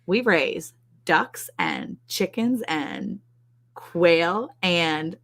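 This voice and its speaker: A woman's voice: fairly low pitch, lively intonation, very slow, a bit bright. A woman co-hosting a ranch livestream, chatting casually, laughing often and reading out viewers' comments.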